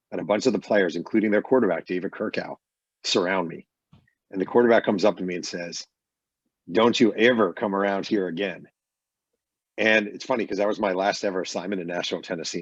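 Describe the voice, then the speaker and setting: In a casual interview, a middle-aged author with a low, breathy-edged voice tells animated anecdotes, acting out the people in them. The audio is dry, muffled lo-fi video call sound from a bedroom, with no echo.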